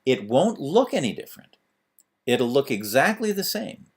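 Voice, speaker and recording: A man's voice: medium pitch, very animated, moderate pace, breathy edge. A man teaching a screencast lesson on web pages, talking through each step as he types, with fillers. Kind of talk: screencast tutorial.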